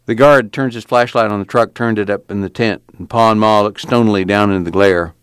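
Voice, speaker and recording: A man narrating an audiobook in a plain, steady reading. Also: fairly low pitch, fairly quick, clear, resonant tone, no room sound.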